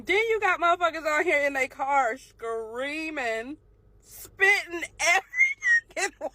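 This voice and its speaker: A woman's voice: sits high, expressive, a little slow, bright, forceful tone, dry recording. A woman ranting casually to camera, swearing often and breaking into incredulous laughter. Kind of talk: profane casual rant to camera.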